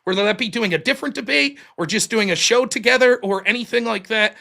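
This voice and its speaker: A man's voice: sits high, quick pace, vocal fry, bright, forceful tone. A man talking casually as a guest, telling a story in a blunt and profane way. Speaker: guest streamer and debater. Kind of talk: casual podcast conversation.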